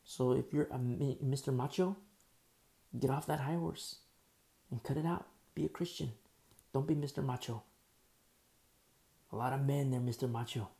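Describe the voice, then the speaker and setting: Gravelly, mellow-voiced male preacher. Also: medium pitch, normal speed, pauses often. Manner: animated preaching, acting out voices in quotes. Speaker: pastor. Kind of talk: sermon.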